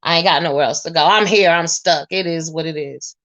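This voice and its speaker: Woman in her 40s, kinda low voice, just venting to her viewers all loud and blunt, cussing a lot. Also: fairly quick. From US Northeast. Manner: animated, blunt, profane storytelling. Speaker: vlogger. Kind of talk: casual storytelling to viewers.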